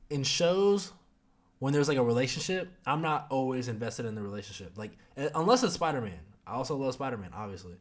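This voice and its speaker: A young man hosting a podcast, chatting casually about a show in a rambling, profane way full of fillers. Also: mid-range voice. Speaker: podcast host. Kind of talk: casual review chat.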